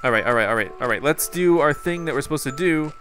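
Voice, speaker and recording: A man's voice: a little high, expressive, fast talker, a bit bright, soft background music. A man hosting a casual gameplay video, chatting in a playful, rambling way with jokey asides. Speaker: gameplay host. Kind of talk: casual let's-play commentary.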